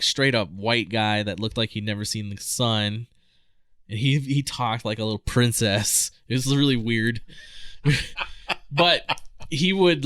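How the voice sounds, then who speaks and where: A man's voice: medium pitch, a bit bright, clear, resonant tone, no room sound, studio quality. A young man co-hosting a podcast, telling stories in casual chat and laughing often. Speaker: podcast co-host.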